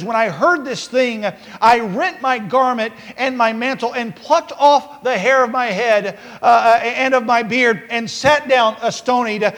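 A man preaching a sermon as pastor, with many fillers and restarts, building to repeated shouted warnings. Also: very high-pitched. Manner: preaching with rising shouts and repetition. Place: church sanctuary. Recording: long hall reverb.

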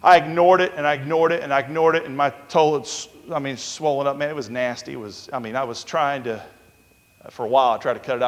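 A man's voice: mid-range voice, big-room sound. An American man preaching a sermon, telling stories in a loose, conversational way with many fillers and rising emphatic peaks. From United States. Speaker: pastor.

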